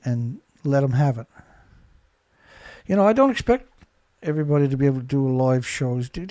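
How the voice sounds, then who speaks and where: An angry man rants through his live show, throwing insults and firing rhetorical questions. His voice sits a little high and is lightly congested. The recording is dry and close, with no room sound. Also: a little mellow, no room sound. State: congested, blowing nose. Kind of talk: impassioned live commentary.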